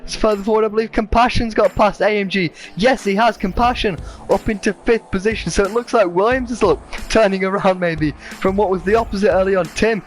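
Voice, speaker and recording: A man commentating a sim racing event with excited play-by-play, saying he is losing his voice. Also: high-pitched, brisk, faint music behind. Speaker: race commentator.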